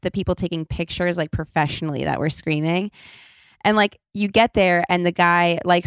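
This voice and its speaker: A woman's voice: lowish voice, clear, resonant tone, no echo, studio quality. A young woman hosting a podcast, chatting in a rambling, self-deprecating way and swearing freely. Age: young adult. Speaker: podcast host. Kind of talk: casual chat.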